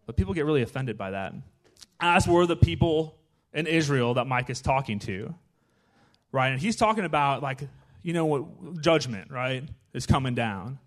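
A man giving a casual, conversational sermon in a church, chatty and animated, often checking in with his listeners. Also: medium pitch, moderate pace. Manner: chatty, animated, with frequent "right?" asides. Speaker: guest preacher.

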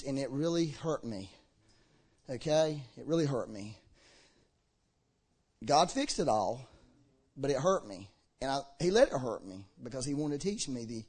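Male preacher, high voice, fiery sermon delivery that jumps from shouts to hushed, earnest asides. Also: breathy edge. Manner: impassioned, swinging between shouting and low earnest talk. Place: church hall with a congregation.

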